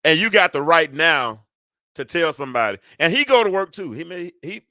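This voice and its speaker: A man in his fifties hosting a live call-in talk show, rambling and animated as he talks back to callers and chat. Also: fairly high pitch, normal speed, no room sound, studio quality. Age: 50s. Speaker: show host.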